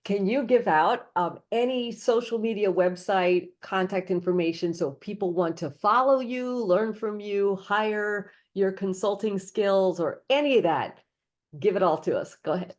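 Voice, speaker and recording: A woman's voice: mid-range voice, moderate pace. A woman hosting a casual interview podcast, upbeat and encouraging, laughing easily. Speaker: podcast host.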